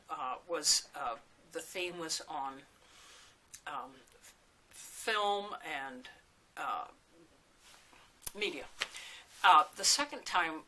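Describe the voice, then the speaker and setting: Older lady reminiscing for an oral history, chatty and rambly, pretty crisp bright tone. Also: lowish voice, low-quality recording. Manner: chatty storyteller who wanders between anecdotes, with fillers and laughs. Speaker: interviewee.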